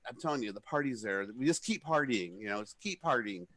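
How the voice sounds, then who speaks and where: A middle-aged man co-hosting a podcast, telling party stories in a rambling, animated way and shouting out the lines he quotes. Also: medium pitch, brisk. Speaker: podcast co-host. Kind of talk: casual storytelling.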